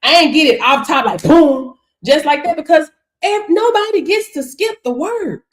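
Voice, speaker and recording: A middle-aged woman giving a motivational talk on a live stream, animated and preachy, laughing often and calling out "right?" and "hello?". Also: sits high, moderate pace. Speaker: online business coach.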